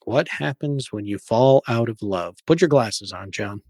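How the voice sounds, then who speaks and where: A man's voice: medium pitch, expressive, measured pace, a little mellow, no room sound. A man co-hosting a casual car podcast, making dry, wry quips. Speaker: podcast co-host. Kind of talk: casual chat.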